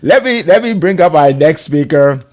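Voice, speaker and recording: A man's voice: fairly high pitch, moderate pace, a little hiss or hum. A man hosting an online panel on a video call, talking casually with many fillers and restarts. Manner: animated, filler-heavy, restarts. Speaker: host.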